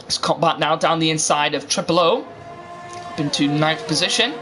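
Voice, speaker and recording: A man's voice: a little high, normal speed, pushed and bright, faint music behind. A man doing live sim racing commentary, chatty and rambling, often restarting his sentences. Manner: rambling, self-interrupting, chatty. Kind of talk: live esports race commentary.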